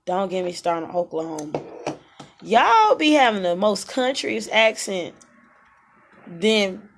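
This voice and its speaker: A young woman from Louisiana, co-hosting a casual chat in a blunt, loud, laughing way. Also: mid-range voice, big pitch swings, slow pace, gravelly, a little hiss or hum. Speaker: podcast co-host.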